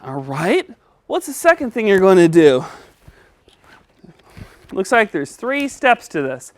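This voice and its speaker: A woman's voice: mid-range voice, sing-song, takes it slowly, darkish tone. A woman teaching a children's speech lesson, patient and encouraging, coaching step by step.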